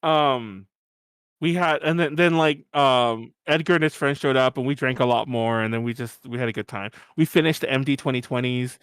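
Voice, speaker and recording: A young man co-hosting a podcast, telling a rowdy party story in a casual, animated way, laughing often and swearing as he acts out his own drunken rant. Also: mid-range voice, moderate pace, clean tone, no room sound, clean studio sound. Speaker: podcast co-host.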